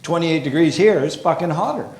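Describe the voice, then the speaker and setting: A man doing a stand-up comedy routine on stage, ranting with heavy profanity and rising to shouted exasperation. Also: on the high side, a little fast, slight background noise. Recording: echoey live club with crowd. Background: audience laughter.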